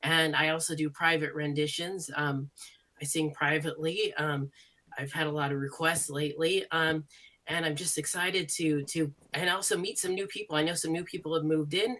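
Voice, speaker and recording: A man's voice: fairly high pitch, fairly even intonation, moderate pace, bright, forceful tone. A man playing a nervous, chipper insurance salesman who sings barbershop, stammering through fillers with eager enthusiasm, over a video call. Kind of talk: improv comedy character.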